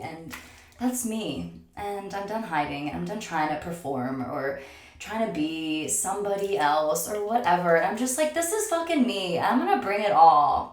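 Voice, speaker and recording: Young woman host, low-ish voice, open confessional chat, echoey bathroom. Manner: expressive, swearing, breaks into laughs. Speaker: podcast host. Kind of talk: casual confessional monologue. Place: bathroom, in a bathtub.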